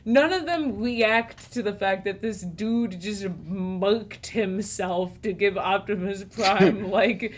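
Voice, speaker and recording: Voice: medium pitch, slow pace, few pauses. A guest in casual conversation about a film. Sarcastic and playful, with joking asides. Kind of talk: casual chat about movies.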